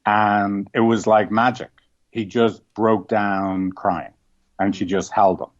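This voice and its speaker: A couples therapist from Ireland speaks in a Dublin accent, his lowish voice steady and slow, with the highs cut off in the recording. In reflective interview talk he tells stories earnestly, often saying "like" and tagging lines with "right?"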